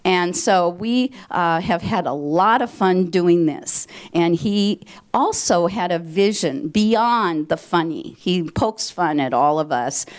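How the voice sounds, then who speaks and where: Chatty older woman, lowish voice. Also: lively intonation, slow pace. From Minnesota. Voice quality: chatty, rambling, with fillers and restarts. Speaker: theater director. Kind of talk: live curtain speech to an audience. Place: stage in a country club hall.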